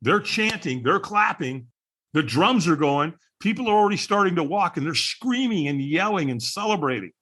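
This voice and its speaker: A man with a voice on the high side, fairly bright in tone, guests on a podcast and speaks at normal speed. He is animated as he tells his story, bringing energy to it and acting out those he quotes.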